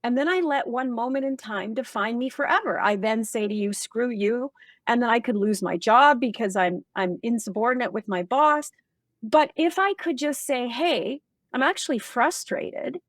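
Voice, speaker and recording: A woman speaking as a guest expert in a casual interview, animated and emphatic, acting out bits of office dialogue. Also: fairly high pitch, moderate pace, dry recording, studio quality.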